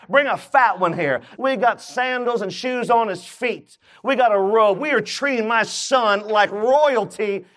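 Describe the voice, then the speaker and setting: A man preaching a sermon, retelling a Bible story and acting out its characters' voices. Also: extremely high pitch. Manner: acts out the story's voices with rising excitement. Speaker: pastor.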